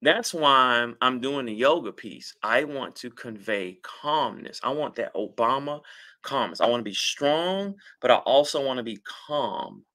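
Passionate, bright-voiced man hosting advice talk. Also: mid-range voice, unhurried. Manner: passionate, animated preacher-like delivery. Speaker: relationship advice host. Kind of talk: livestream talk reading viewer comments.

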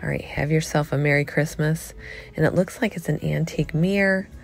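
Low gravelly-voiced woman vlogging a thrift haul. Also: a little fast. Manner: chatty, excited commentary to viewers. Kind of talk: casual thrift-store vlog chat. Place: thrift store.

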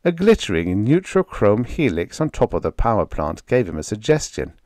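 A man narrating a vintage science fiction audiobook in an expressive, dramatic storytelling manner, close on a studio mic. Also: on the low side, normal speed, no room sound.

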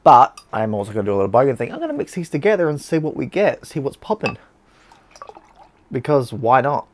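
A man's voice: mid-range voice, big pitch swings, brisk, slight background noise. An Australian man hosting a casual beer-tasting vlog, chatty and blunt, with slang and swearing.

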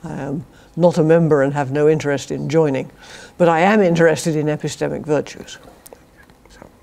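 Gravelly-voiced older British woman lecturing. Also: deep voice, fairly even intonation, normal speed, dark tone. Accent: British English. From Britain. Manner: wry, dry humour with chuckled asides. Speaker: philosophy professor giving a lecture. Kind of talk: academic lecture. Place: university lecture to a student society.

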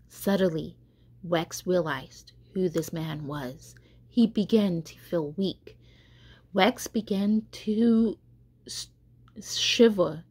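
A woman catechist reading a children's storybook aloud in a gentle, unhurried way. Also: fairly low pitch, breathy edge.

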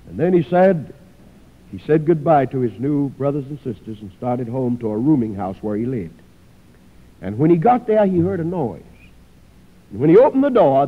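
A man preaching a sermon, telling a story dramatically and acting out the people in it. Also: on the high side. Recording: tinny phone-like sound with long hall reverb.

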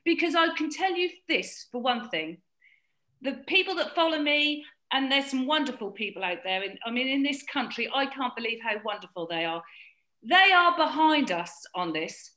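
A woman's voice: sits high, sharp tone. A British woman campaigning for fishing communities, speaking emotionally and pleading, often repeating herself. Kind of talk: impassioned guest commentary. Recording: roomy echo.

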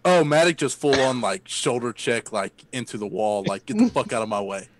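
A man's voice: mid-range voice, fairly quick, no echo. Blunt swearing man playing a tabletop game. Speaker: player. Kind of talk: in-character tabletop role-play.

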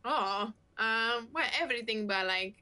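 A woman's voice: on the high side, unhurried, sharp tone, clean tone. Teasing young Spanish woman. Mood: playful. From Granada, Spain. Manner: teasing, playful, laughs often. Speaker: date in a video dating game.

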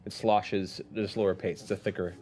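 A man's voice: fairly low pitch, fairly even intonation, a little fast. A man narrating as game master of a tabletop game, describing scenes vividly.

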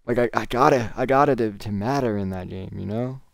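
A man's voice: lowish voice, fairly quick, creaky, no echo. A man doing casual gameplay commentary as a gaming YouTuber, rambling and ranting with plenty of profanity.

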